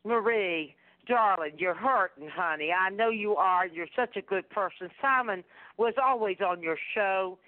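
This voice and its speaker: A woman's voice: medium pitch, a little slow, dry recording. Soothing preachy woman on a phone line. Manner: soothing, preachy, calls people darling. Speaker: caller and fellow radio host. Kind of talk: comforting call-in talk. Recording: tinny phone line, dry.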